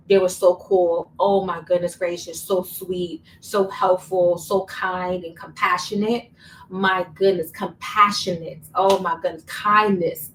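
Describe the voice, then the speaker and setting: A young woman tells a personal story in a casual, chatty vlog, repeating words for emphasis. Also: lowish voice. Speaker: vlogger. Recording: slightly distant mic, faint room noise.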